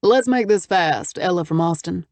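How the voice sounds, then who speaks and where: A woman narrator gives voice to a self-assured Texan businessman with a deep baritone and a Texas drawl, easygoing and wry. The audiobook reading is close and dry, with no room sound at all. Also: animated, normal speed, a little mellow, no room sound. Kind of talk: audiobook character voice.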